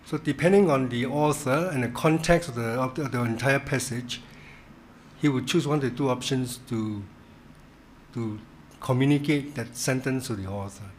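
A man leading a Bible study in a church, teaching in a halting way, repeating words and stressing key words. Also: medium pitch, slight background noise.

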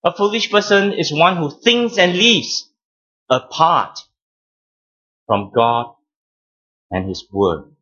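Slow, bright-voiced preaching man. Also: fairly high pitch, lively intonation, lo-fi sound. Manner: deliberate teaching, stressing key words, repeating phrases. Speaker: pastor. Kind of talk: sermon.

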